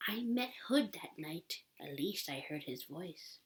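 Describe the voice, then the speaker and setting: A woman voicing a weary old woman in a storybook reading, speaking in a hoarse, tearful whisper. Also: lowish voice, animated, slow pace, voice pushed down. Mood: sorrowful whisper. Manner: breathy whispering, tearful pleading.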